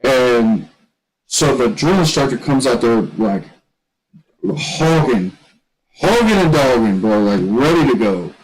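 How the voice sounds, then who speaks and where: A man telling a long story in casual chat. He rambles and restarts a lot, and shouts when he quotes other people. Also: mid-range voice, sing-song, slow, rough recording. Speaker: gaming streamer telling a story.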